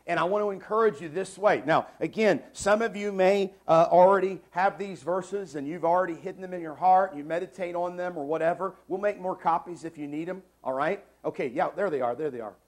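A man's voice: high-pitched, fairly quick, few pauses. Emphatic man in his forties preaching. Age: 40s. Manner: emphatic preaching, repeats key phrases, shifts between loud and soft. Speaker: pastor. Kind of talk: sermon. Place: church sanctuary.

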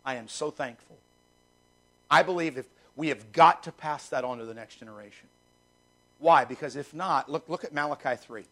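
A man preaching a sermon with a high voice roughened by gravel. He drives points home by repeating phrases, pushing his voice up loud and then dropping it low. His delivery is emphatic throughout. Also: moderate pace, rough recording. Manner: emphatic preaching with wide swings in pitch and loudness. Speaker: pastor.

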